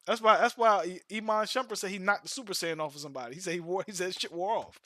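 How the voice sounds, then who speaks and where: Bright-voiced man telling stories slangily. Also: sits high, fast talker, no echo. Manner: loose slangy storytelling, repeats words. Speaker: streamer. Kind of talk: casual chat.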